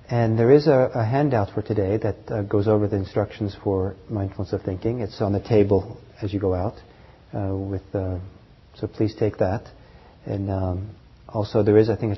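A man giving a meditation class, talking gently and haltingly with many pauses, fillers and soft laughs. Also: fairly low pitch, breathy edge. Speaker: meditation teacher. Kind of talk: dharma talk to a class. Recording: muffled lo-fi recording.

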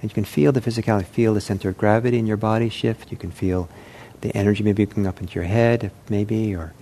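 A man with a lowish, mellow voice gives an unhurried meditation talk. He talks in a gentle, reflective way, pausing often and restarting his sentences. A faint hiss sits underneath him. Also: steady tone. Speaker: meditation teacher. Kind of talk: unscripted dharma talk.

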